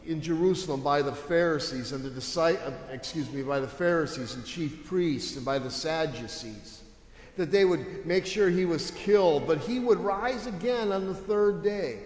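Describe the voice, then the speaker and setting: A man's voice: on the high side, moderate pace, a little mellow, a little hiss or hum. A male pastor giving a sermon in a conversational, emphatic way, asking his listeners rhetorical questions. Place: church sanctuary. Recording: echoey church with long reverb.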